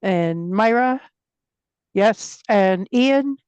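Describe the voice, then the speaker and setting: Woman doing roll call on a zoom meeting, quick and chatty, clear smooth voice, dry sound. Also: mid-range voice, animated, darkish tone, no room sound, muffled recording. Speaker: commission member taking roll call. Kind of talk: remote public meeting. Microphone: video call.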